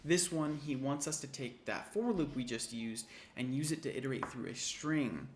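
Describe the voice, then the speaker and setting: A man tutoring an intro programming class does a screen-recorded coding walkthrough, casually thinking aloud and correcting himself while he types. His mid-range voice is expressive at normal speed, with a noisy background of typing and keyboard clicks.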